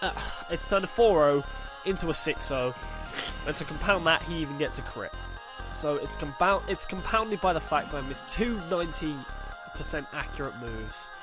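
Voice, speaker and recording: A man's voice: on the high side, expressive, moderate pace, over music. A young man, frankly and self-critically commenting on a lost game battle. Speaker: game video host.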